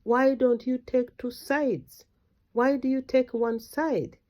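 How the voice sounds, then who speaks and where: A middle-aged woman from Uganda speaks as an activist in a fervent political address. She exhorts her listeners, her voice jumping up into sudden loud, insistent outbursts. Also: sits high, fairly even intonation, takes it slowly. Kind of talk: impassioned political speech.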